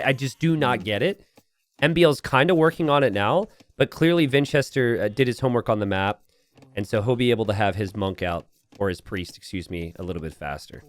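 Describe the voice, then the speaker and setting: Dude casting a strategy game, chill and analytical, mid-pitch voice. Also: male voice. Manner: analytical, easygoing. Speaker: game commentator. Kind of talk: live match commentary.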